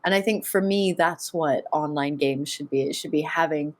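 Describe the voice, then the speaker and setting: Chatty woman, slightly low voice. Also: normal speed. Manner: chatty, self-mocking storytelling. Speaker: podcast co-host. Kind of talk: casual chat.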